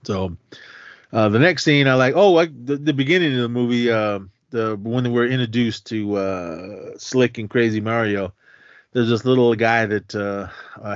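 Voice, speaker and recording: A male podcast co-host with a fairly low voice casually recaps a movie, rambling and piling on fillers while acting out the dialogue as he goes. The recording is dry and lo-fi.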